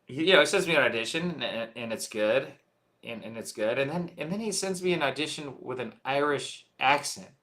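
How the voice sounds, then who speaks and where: A man talks about his film in a casual interview, his voice bright and edged. He tells stories in an animated way and often laughs as he goes. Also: medium pitch, brisk. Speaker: filmmaker, guest.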